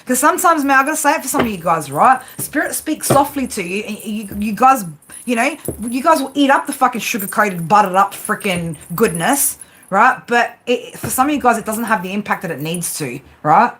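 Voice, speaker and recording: Doing live tarot readings, a woman talks a little fast in an expressive, slightly bright, higher voice, with slight background noise. Her style is blunt, rambling tough love full of swearing, punctuated constantly by "right?"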